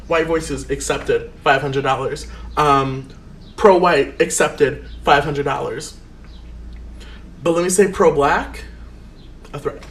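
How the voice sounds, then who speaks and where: A man with a somewhat high voice talks through a screen recording in an exasperated, emphatic rant. He sounds worn out and unwell. A faint hiss of noise sits under his voice. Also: lively intonation, normal speed, a bit bright. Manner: emphatic, exasperated, rising to heated outbursts. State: tired, feeling unwell. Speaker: content creator. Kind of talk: ranting screen-recording commentary.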